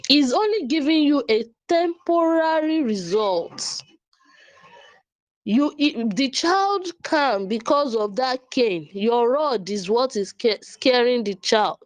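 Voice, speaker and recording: Slow-talking woman, dry sound. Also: on the high side, animated, no echo. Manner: earnest, frequent laughs, restarts and repeats words. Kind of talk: casual talk to camera.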